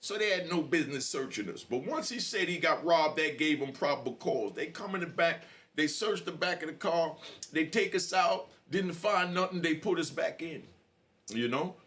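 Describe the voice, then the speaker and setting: A middle-aged man, a podcast host telling a street story in an animated, slangy way. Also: fairly high pitch, moderate pace. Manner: animated, slangy, frequent "you know".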